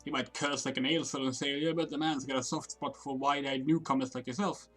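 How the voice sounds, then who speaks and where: A woman's voice: rumbling low, fairly even intonation, faint music behind. A woman doing a cheery game guide man. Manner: cheery, brisk directions. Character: friendly male harbor guide giving directions.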